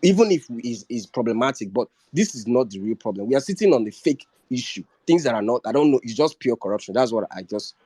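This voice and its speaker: A man calling in to a discussion, halting and restarting his sentences as he speaks. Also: mid-range voice, lively intonation, warm tone, slightly rough, no room sound. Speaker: caller. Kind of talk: casual call-in comment.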